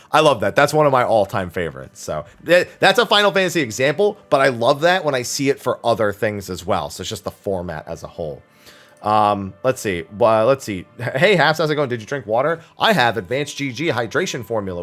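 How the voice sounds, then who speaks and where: In his weekly Q&A stream, a man with a medium-pitched, fairly bright voice answers viewer questions. The chat is casual and rambling, full of fillers, restarts and offhand swearing.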